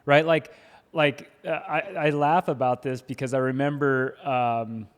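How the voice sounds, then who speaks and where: A middle-aged man co-hosting a podcast in casual chat, animated, laughing often and stumbling over his first words. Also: mid-range voice, unhurried. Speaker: podcast co-host. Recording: long hall reverb.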